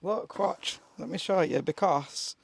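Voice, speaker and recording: A man's voice: on the high side, a little slow, gravelly, slightly rough, no echo. A man chatting casually and jokily inside a campervan, laughing often. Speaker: van life vlogger. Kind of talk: casual chat.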